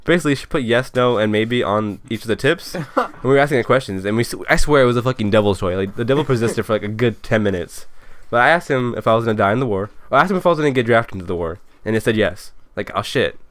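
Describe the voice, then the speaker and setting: Fast-talking young man telling stories. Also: medium pitch, lively intonation. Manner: rapid, profane anecdotal storytelling. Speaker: podcast co-host. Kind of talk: casual podcast chat.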